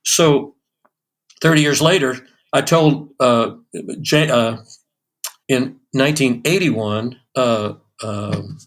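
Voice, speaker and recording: A man's voice: medium pitch, takes it slowly. Older man telling stories, full of restarts. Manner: animated anecdotes with many restarts and fillers. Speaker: session drummer guest. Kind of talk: storytelling in a podcast interview.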